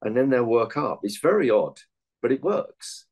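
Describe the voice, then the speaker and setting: A man's voice: mid-range voice, big pitch swings, normal speed, darkish tone, breathy edge, rough recording. A man, a meditation and martial arts coach, giving earnest interview answers full of anecdotes from his coaching.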